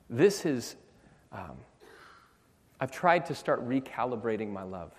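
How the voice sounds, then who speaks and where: A man preaching a sermon as pastor, earnest and emphatic, slowing down to stress key phrases. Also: medium pitch, a little mellow. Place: church sanctuary. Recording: long church reverb.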